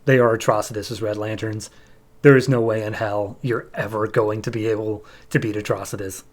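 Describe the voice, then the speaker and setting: A man's voice: on the low side, level tone, normal speed, pitched below the performer's own voice, lightly acted. A man voicing a scornful male captive in a comic recap. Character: defiant male prisoner, scornful.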